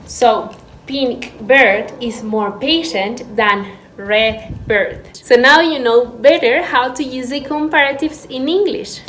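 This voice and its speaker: A woman teaching an English lesson to learners, explaining slowly and clearly, breaking words into syllables. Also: high-pitched, fairly bright tone. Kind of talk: recorded online class. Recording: echoey room with faint background noise.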